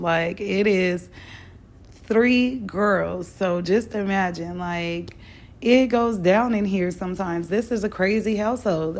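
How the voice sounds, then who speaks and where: A woman talks to her viewers while she cooks. Her voice is gravelly and hoarse from a cold. She rambles in a loose, chatty way. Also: medium pitch, a little mellow. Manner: chatty and rambling, says "y'all" often. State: sick, hoarse voice. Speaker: vlogger. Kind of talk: casual cooking vlog chat.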